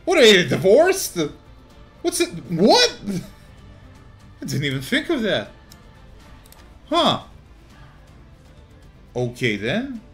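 A young man with a fairly high, very lively voice commentates his card game, jumping from loud shouts of hype down to low, mumbled thinking aloud. He swears casually and laughs a lot. Faint music plays behind him. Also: slow pace, long pauses. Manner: swings between loud hype yelling and muttered thinking aloud. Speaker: gaming YouTuber. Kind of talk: excited gameplay commentary.

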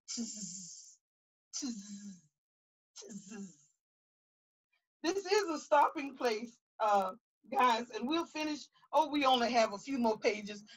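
A woman reading a picture book aloud to young children outdoors, animated and stopping to ask them questions. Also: high voice, poor audio.

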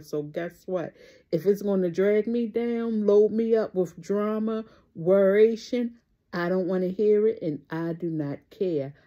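A woman in her thirties, a vlogger giving her viewers an emphatic motivational talk and slowly stretching out the words she stresses. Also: mid-range voice, mellow, dull audio. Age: 30s. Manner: talks straight to her viewers. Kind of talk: casual motivational vlog talk.

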